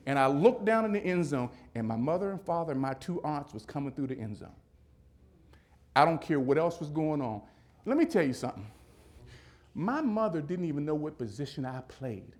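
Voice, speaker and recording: A male keynote speaker with a slightly high voice tells a personal story to an event audience. He is animated and dramatic, repeating phrases to drive a point home. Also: moderate pace. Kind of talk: motivational storytelling speech. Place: event hall at a business summit.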